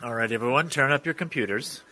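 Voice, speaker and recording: A man's voice: mid-range voice, quick pace, pushed and bright, no room sound. A man, a voice impressionist, wisecracking playfully in casual chat over a computer mic on a video call.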